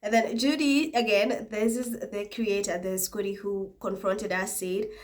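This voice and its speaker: Her voice is mid-range, steady and a little slow. She's a young adult vlogger with a cold, casually reading viewers' comments aloud while laughing frequently and mocking them in asides.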